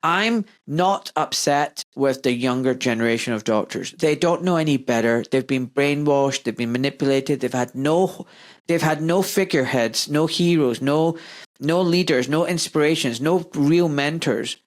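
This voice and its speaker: A man's voice: fairly high pitch, moderate pace. A man, a doctor hosting a podcast, talking in an impassioned, emphatic rant that keeps circling back to its points. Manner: impassioned ranting, emphatic and repetitive. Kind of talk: podcast conversation.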